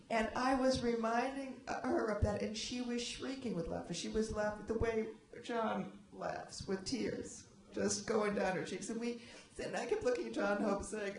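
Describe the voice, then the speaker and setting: A woman on a library panel reminiscing about a friend, talking in a halting way with many restarts. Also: mid-range voice, darkish tone. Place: library event room. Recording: echoey hall.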